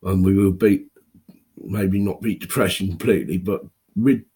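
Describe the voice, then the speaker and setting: Tearful, very husky low-voiced man in his fifties. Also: fairly even intonation, warm tone. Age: 50s. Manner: halting, raw and emotional, with pauses and restarts. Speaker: video blogger. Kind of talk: personal confessional monologue.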